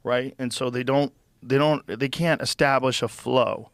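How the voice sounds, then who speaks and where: A man's voice: medium pitch, fairly even intonation, a little slow, no room sound. A man hosting a podcast in casual conversation, emphatic, repeating words and swearing freely. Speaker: podcast host.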